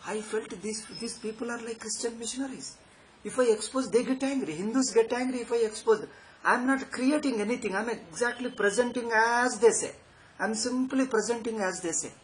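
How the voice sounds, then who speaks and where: A man's voice: high-pitched, slight background noise, poor audio. A man giving a spiritual lecture, sarcastic and emphatic, often repeating his phrases. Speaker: Vedanta teacher.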